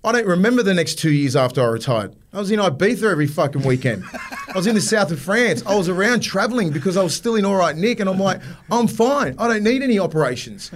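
A man in his forties with an Australian accent who speaks fast and a little high. He's blunt and swears freely, telling animated stories in a relaxed podcast conversation. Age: 40s. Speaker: guest, former rugby league player. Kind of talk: casual podcast chat.

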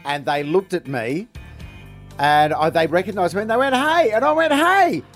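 Lively high-voiced Australian radio host. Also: male voice, normal speed, soft background music. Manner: playful, laughs often. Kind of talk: casual radio banter.

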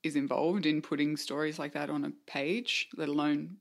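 A woman's voice: deep voice, fairly even intonation, moderate pace, gravelly. A woman, hosting a casual interview, reflective and affirming toward her guest. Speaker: podcast host.

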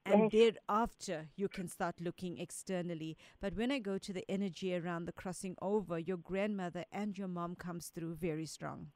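A woman's voice: on the low side, fairly even intonation, normal speed, few pauses, darkish tone, no room sound. Brief: woman, radio psychic, direct and soothing, dry close studio sound. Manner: direct, reassuring, relays messages as quotes. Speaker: resident psychic medium. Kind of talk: radio call-in psychic readings.

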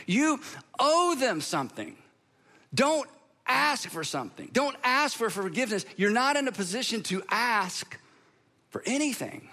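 A man preaching a sermon to a congregation, emphatic and teaching, with deliberate pauses and the audience asked to repeat after him. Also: extremely high pitch, sing-song, pushed and bright. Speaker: pastor.

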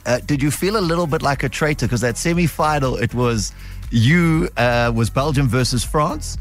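A man's voice: medium pitch, moderate pace. A man co-hosting a radio show speaks in a middle register, putting questions to a guest with a few hesitant fillers. Faint music plays underneath. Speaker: radio co-host. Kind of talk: casual radio interview.

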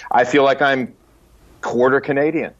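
A man's voice: medium pitch, steady tone, moderate pace. A man co-hosting a podcast in casual comedic chat, teasing and playful. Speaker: podcast co-host. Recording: slightly dull audio.

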